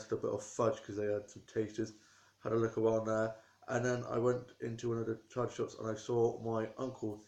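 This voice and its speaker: A talkative young man tells his day to camera in loose, rambling chat. His voice stays flat in pitch and has a gravelly creak. The sound bounces around an echoey room at home. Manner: rambling and chatty, with small restarts. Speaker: vlogger. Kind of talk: casual chatty storytelling to camera.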